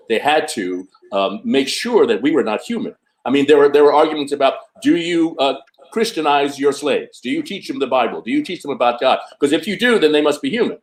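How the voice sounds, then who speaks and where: A man in his seventies in casual panel conversation, thoughtful and measured with hesitant fillers. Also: mid-range voice. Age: 70s. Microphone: video call.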